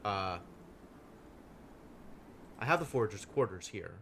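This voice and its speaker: A man streaming a strategy game live, thinking aloud with wry deadpan asides. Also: lowish voice, measured pace, vocal fry, slight background noise. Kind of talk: live gameplay commentary.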